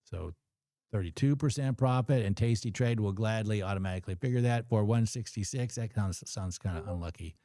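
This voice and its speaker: A middle-aged man hosting a live trading stream, thinking aloud and reacting excitedly to his screen. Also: fairly low pitch, fairly quick, no echo, clean studio sound. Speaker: host of a trading livestream.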